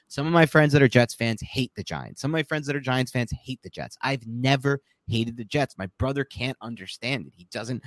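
Male sports podcast host, animated and opinionated, very dry close-miked sound. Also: mid-range voice, moderate pace, few pauses, no echo. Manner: animated, opinionated, laughs mid-sentence. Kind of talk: casual sports talk.

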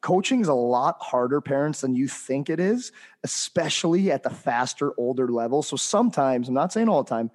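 A man's voice: medium pitch, lively intonation, normal speed, a little mellow. A man co-hosting a podcast, speaking emphatically and addressing listeners directly. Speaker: podcast co-host and hockey trainer. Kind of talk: casual podcast chat.

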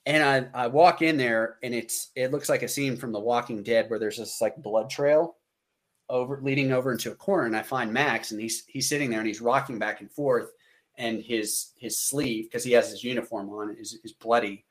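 A man in his thirties, a military veteran, telling a story casually and animatedly, lifting his voice to act out what people said. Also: moderate pace. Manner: animated, acts out quotes with raised pitch.

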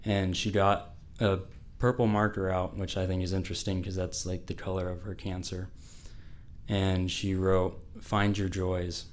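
A man's voice: deep voice, level tone, measured pace. A teenage boy telling a personal story to an audience, casual and full of "like.". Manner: casual, fills speech with "like".

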